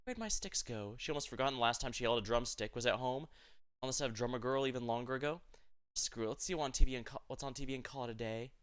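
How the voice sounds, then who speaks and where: A man's voice: medium pitch, steady tone, very fast, a bit bright, clean tone. A man streaming, reading a game's event story aloud with chatty asides and frequent self-corrections.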